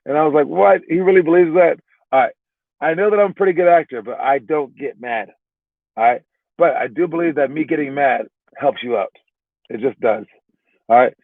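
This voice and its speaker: A man's voice: medium pitch, animated, a little fast, pauses often, no echo. A man who coaches basketball gives a casual motivational talk to young players. He rambles, repeats words and keeps tagging "all right?" onto his points. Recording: narrow phone-like sound, dry.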